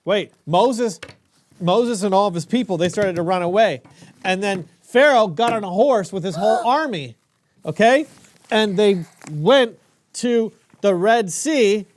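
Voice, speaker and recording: A man telling a playful toy story to a child in a lively, swooping voice. He chatters along with quick asides and silly energy. Noise hisses steadily behind him in the home recording. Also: high-pitched. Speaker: storyteller uncle.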